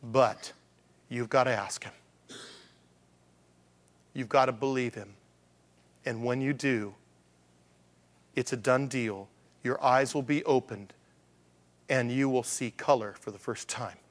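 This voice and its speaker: A man's voice: medium pitch, slow, long pauses. A male pastor preaching a conversational sermon, asking rhetorical questions and acting out the voices of the people he quotes.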